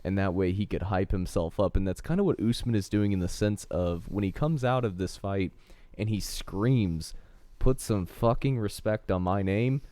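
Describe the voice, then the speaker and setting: A man's voice: low voice, normal speed, warm tone, dry recording. A man in a casual podcast chat, making his arguments in long, full sentences.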